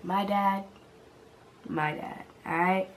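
A young woman from the Boston area, recorded at home on a camera mic, telling a story to viewers in a chatty, animated way. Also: mid-range voice, slow, slight background noise. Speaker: vlogger. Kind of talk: casual storytelling.

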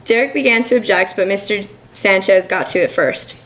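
A woman's voice: medium pitch, fairly quick, fairly bright tone, slight background noise, poor audio. Young woman reading her fiction aloud. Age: young adult. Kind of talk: literary reading. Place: college reading event.

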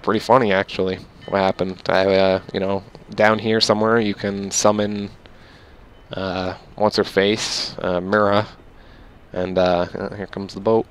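A man's voice: low-pitched, flat delivery, measured pace, clear, resonant tone. A young man giving rambling, casual gameplay commentary, swearing at enemies with mock-angry outbursts. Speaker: gamer.

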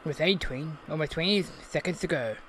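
An Australian man hosting a gaming channel, giving excitable mock sports commentary on his own match and cheering loudly. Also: fairly high pitch, fairly quick, a little hiss or hum. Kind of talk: self-commentary while playing a video game.

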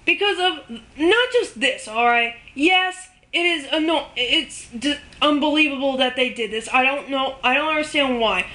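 A woman with a high, bright voice rants at the camera in an unscripted video. She talks with exasperated emphasis and keeps pressing her points home with little check-ins for agreement. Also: lively intonation, moderate pace, few pauses. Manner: exasperated and emphatic, tagging points with "okay?" and "all right?". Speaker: video ranter.

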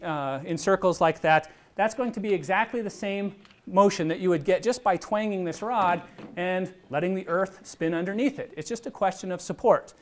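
A middle-aged man lecturing on physics in a lecture hall, explaining step by step in a conversational way with little asides. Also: high-pitched. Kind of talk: university lecture with live demonstration.

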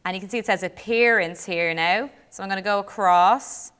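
A woman's voice: mid-range voice, moderate pace, fairly bright tone, clean tone. A young Irish woman co-hosting a lesson, chatting and thinking aloud as she demonstrates a build. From Ireland. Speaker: co-host teacher. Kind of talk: casual classroom demo while playing.

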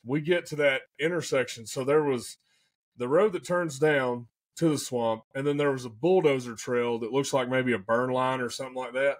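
A man, a podcast guest telling a story in an excitable, animated way and often saying "man" and "dude". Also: medium pitch, normal speed. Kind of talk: casual storytelling.

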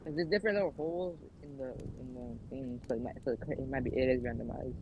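A man's voice: mid-range voice, quick pace, lo-fi sound. A young man playing a game with friends, giving directions and sounding exasperated when things go missing. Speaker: fellow player. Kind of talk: casual gaming chat. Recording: faint background noise.

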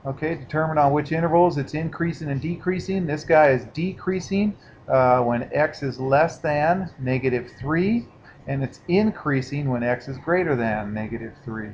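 A man's voice: fairly high pitch, moderate pace, darkish tone. A man teaching a math lesson in a casual, explanatory way, often checking in with his students. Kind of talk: recorded classroom lecture. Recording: dull lo-fi sound with faint hiss.

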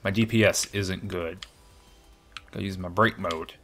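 There's a little hiss or hum as a low-voiced man talks at a measured pace over his game playthrough. He muses aloud with excitable, self-deprecating humor, cheerfully ribbing his own skills.

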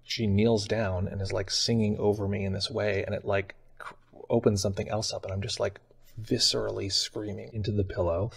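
A man's voice: lowish voice, little pitch movement, brisk, vocal fry, husky. A man telling a personal story in a casual, rambling way, with many fillers. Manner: casual and rambling, heavy use of "like". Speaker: meditation channel host.

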